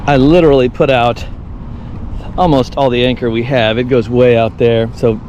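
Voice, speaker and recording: A young man talking casually to the camera about riding out a storm alone on his sailboat, animated when he tells a story. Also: medium pitch, moderate pace, muffled recording, background noise. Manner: chatty, animated storytelling, acts out quoted voices. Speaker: sailboat vlogger. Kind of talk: casual video diary.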